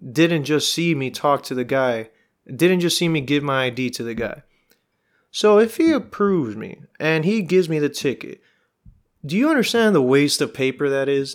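A young man, hosting a podcast and telling a rambling, exasperated, profane story in casual chat. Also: medium pitch. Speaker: podcast host.

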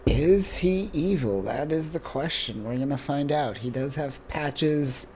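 A man's voice: on the high side, lively intonation, a little slow, darkish tone, slight background noise. A man co-hosting a casual podcast, recapping a comic story in a rambling, joking way with many fillers. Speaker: podcast co-host.

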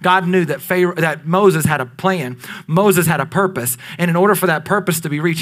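A pastor in his thirties preaches with a high, forceful voice. He rises to loud emphatic bursts, then drops to hushed, drawn-out lines. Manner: dynamic preaching, swings between loud peaks and near-whispers. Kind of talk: sermon.

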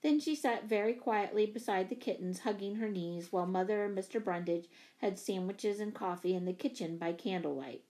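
A woman narrating a children's story in an even, expressive reading. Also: mid-range voice, normal speed, few pauses. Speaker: audiobook reader. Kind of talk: scripted narration.

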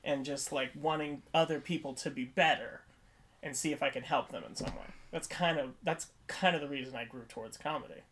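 A man co-hosting a podcast who tells a funny story in a casual, animated way, slipping into quick impressions. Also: on the high side, a little hiss or hum. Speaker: podcast co-host.

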